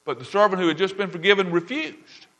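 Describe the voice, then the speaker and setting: Bright-voiced man preaching a sermon. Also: high-pitched, expressive, fast. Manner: emphatic, repeats key lines, checks in with the audience. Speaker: pastor.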